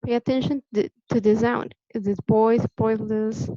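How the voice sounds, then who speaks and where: A woman teaching English pronunciation in a patient, deliberate way, repeating the key points for her students. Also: fairly high pitch, steady tone, warm tone, no echo. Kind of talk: classroom lesson explanation. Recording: dull lo-fi sound, dry.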